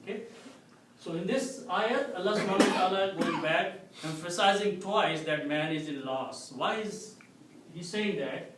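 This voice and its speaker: A man teaching an Arabic grammar lesson to a class, explaining slowly and checking with a frequent "okay?". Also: high-pitched. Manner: slow, explanatory, repeats "okay?" to check understanding. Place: mosque classroom. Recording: echoey room, distant mic, faint noise.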